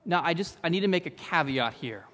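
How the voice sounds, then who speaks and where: A man preaching a sermon, telling a story with lively acted-out lines for its characters. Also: a little high, brisk, long reverb tail. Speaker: pastor.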